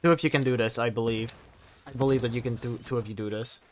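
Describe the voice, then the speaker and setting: A man's voice: mid-range voice, fairly even intonation, fast, slight background noise. A young man chatting casually on a live stream while gaming, rambling animatedly and laughing often.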